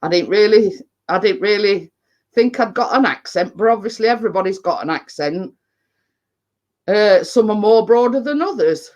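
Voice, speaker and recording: A woman's voice: medium pitch, animated, normal speed, a little mellow, highs cut off. A woman with an English accent chatting on a live stream as a baking vlogger, blunt and rambling, full of fillers and "you know what I mean". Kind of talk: casual live-stream chat.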